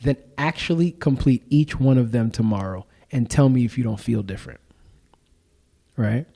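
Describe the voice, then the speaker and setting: Mellow, animated man chatting on a podcast. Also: medium pitch, normal speed, vocal fry, breathy edge. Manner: animated, emphatic storytelling with slang. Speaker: podcast guest and show founder. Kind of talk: casual podcast conversation.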